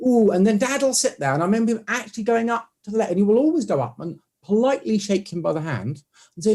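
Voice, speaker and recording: Animated high-voiced man telling stories. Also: fast. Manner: animated storytelling, acts out quoted voices. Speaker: guest, orthodontic clinician. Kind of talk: conversational interview.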